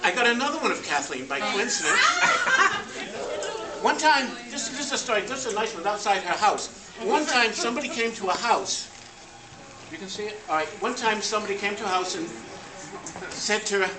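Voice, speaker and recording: A man telling family stories and deadpan jokes over old slides at a family party. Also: high voice, fairly quick, pauses often. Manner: deadpan joke-telling with laughter. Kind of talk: joking slideshow storytelling. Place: party room with guests at tables. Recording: echoey room, voice from far off, noisy.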